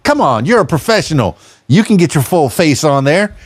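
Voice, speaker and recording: A man's voice: a little high, very animated, moderate pace, dry recording. Teasing man hosting a podcast. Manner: playful, teasing, rambling. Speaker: podcast host. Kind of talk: casual podcast chat.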